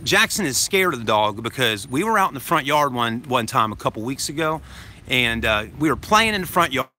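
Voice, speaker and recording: Bright-voiced dad rambling into phone. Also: male voice, medium pitch, sing-song, brisk, slight background noise. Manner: rambling, keeps adding "okay?". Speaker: vlogging dad. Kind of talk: casual storytelling to camera. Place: outdoors outside a grocery store. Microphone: phone held to self.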